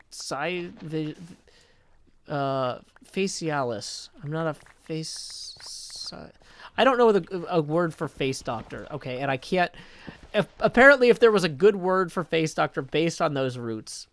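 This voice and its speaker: A man chatting casually on a live stream, reading viewer messages aloud and thinking out loud as he goes. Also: a little high, animated, slow.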